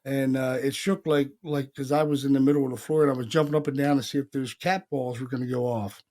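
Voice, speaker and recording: A man from Pennsylvania hosting a podcast, telling stories in a casual, animated way, acting out quotes and swearing freely. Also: medium pitch, fast talker. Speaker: paranormal podcast host. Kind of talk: casual storytelling chat.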